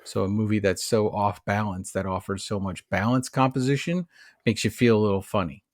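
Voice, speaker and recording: A man's voice: on the low side, steady tone, a little fast, darkish tone, no room sound, clean studio sound. A man co-hosting a podcast, chatting casually about a movie in a rambling, analytical way. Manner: rambling, analytical, many fillers and restarts. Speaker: podcast co-host. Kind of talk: casual film discussion.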